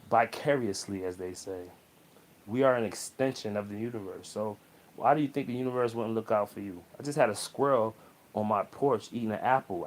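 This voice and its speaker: Male vlogger, mid-pitched, loose preachy motivational monologue to camera, repeats his points. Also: a little mellow. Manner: preachy, repeats phrases, checks in with "okay?".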